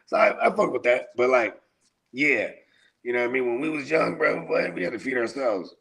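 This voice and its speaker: A man's voice: mid-range voice, big pitch swings, brisk, gravelly, a bit bright. A middle-aged man, a podcast host, telling stories in loose, profane casual chat. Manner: profane, laid-back storytelling.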